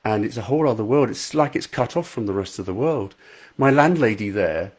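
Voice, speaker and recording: A man's voice: lowish voice, animated, brisk. A middle-aged English man chatting casually with live viewers as an author, reading out their comments. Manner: chatty, self-deprecating, reads out viewer comments. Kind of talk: casual live-stream chat.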